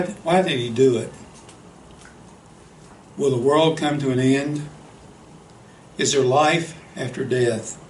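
A man preaching a sermon, telling a story in an earnest, unhurried way and often saying "you know". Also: mid-range voice, slight background noise. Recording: echoey hall, faint ambience.

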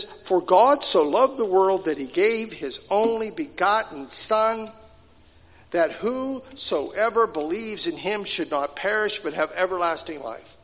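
A man with a high voice preaching a sermon in a large hall or sanctuary. He sinks to quiet, low asides and then climbs to loud, emphatic points. His voice rings with a long reverb that trails after each phrase. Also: animated, slow pace. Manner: swings between hushed, low asides and loud, emphatic declarations.

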